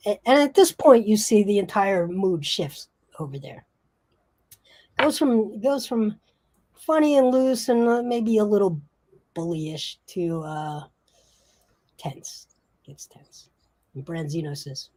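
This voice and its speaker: A woman narrating a tabletop role-playing game as game master, in a halting way with frequent restarts. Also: mid-range voice, warm tone. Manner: halting, many fillers and restarts.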